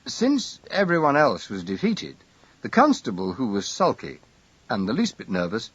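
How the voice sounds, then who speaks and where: Man with husky, expressive storytelling voice. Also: fairly low pitch, moderate pace, no echo. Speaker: audiobook narrator. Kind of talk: scripted narration.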